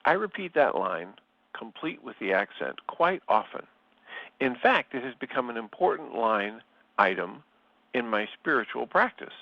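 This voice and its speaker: Slow, thoughtful man with a dry, lo-fi sound. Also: mid-range voice, sing-song, creaky, dry recording. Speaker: study group leader. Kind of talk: reflective reading and commentary. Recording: slightly dull, lo-fi sound.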